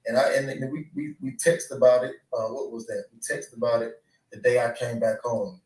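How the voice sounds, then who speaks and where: Boxer, rambling, echoey distant clip. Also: male voice, mid-range voice, steady tone, brisk, a little mellow. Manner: rambling, repeats filler phrases. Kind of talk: interview clip.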